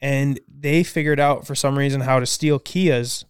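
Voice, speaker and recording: A man's voice: medium pitch, fairly even intonation, a little slow, clear, resonant tone, no room sound, studio quality. A young man, co-hosting a casual chat, telling stories with laughs and casual swearing. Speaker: podcast co-host.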